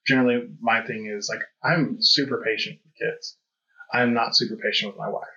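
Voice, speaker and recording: A man hosting a casual podcast conversation, speaking in a low, fairly flat voice with a bright, forward edge. He talks candidly and reflectively, with plenty of fillers. The audio is dull and lo-fi. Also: normal speed. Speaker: podcast host.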